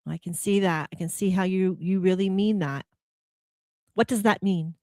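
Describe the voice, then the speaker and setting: A woman's voice: lowish voice, normal speed, a little mellow, dry recording, clean studio sound. A woman hosting a spiritual motivational talk, probing her listeners with rhetorical questions. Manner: acts out quoted complaints in a heated voice. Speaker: host.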